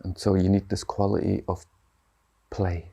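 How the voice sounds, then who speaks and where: A man's voice: low voice, monotone, measured pace, vocal fry, dark tone. A man giving a dharma talk as a meditation teacher, speaking loosely and conversationally and often checking in with his listeners. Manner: conversational, checks in with tag questions.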